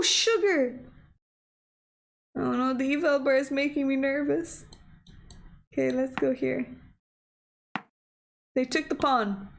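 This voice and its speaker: A young woman streaming a chess game, talking excitedly to her computer opponent, gasping and exclaiming at the moves. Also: high voice, creaky. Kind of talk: casual live-stream chess play-by-play.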